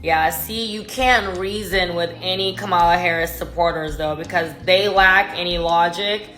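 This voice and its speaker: A woman's voice: on the low side, fairly even intonation, moderate pace, roomy sound, music in the background. A woman giving political commentary in a dismissive, exasperated way.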